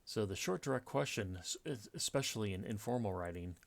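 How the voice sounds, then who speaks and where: A man explaining punctuation rules in a casual lecture, relaxed and explanatory, with frequent fillers and restarts. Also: lowish voice, brisk, gravelly. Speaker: writing teacher.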